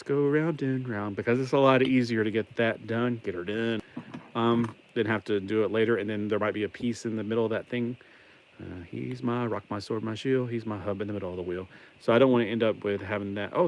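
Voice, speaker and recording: A man with a mild Southern American accent chatting casually as he builds a toy set on a livestream, rambling and making wordplay jokes. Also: on the low side. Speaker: livestream host. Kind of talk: casual live building chat.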